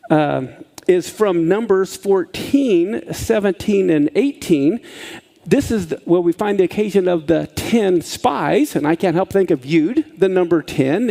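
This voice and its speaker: A pastor teaching a Hebrew letter from scripture, often checking in with listeners and asking them questions. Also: male voice, high voice, expressive, a little slow, creaky, warm tone. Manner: checks in with listeners with frequent "okay?"; asks the audience questions. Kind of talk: teaching a Bible-based Hebrew lesson.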